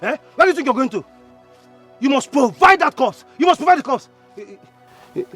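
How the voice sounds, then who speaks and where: A stammering hot-tempered Nigerian brother. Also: male voice, very high voice, lively intonation, brisk, fairly bright tone, faint music behind. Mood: demanding. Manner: stammering, repeats words, challenging. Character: hot-tempered poor younger brother Joseph, stammering and shouting. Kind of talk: Nollywood film drama.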